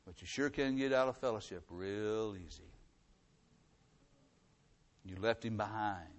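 A middle-aged man preaches as the pastor, relying on repetition and moving between loud emphasis and hushed passages. His voice is on the low side, and he speaks at a measured pace.

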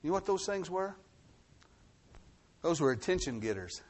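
A man preaching a sermon, reading scripture aloud and then explaining it, swinging between forceful bursts and low hushed phrases. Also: very animated, moderate pace. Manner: reads scripture then preaches with rising and falling intensity; drops to a low hushed voice for emphasis. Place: New Mexico.

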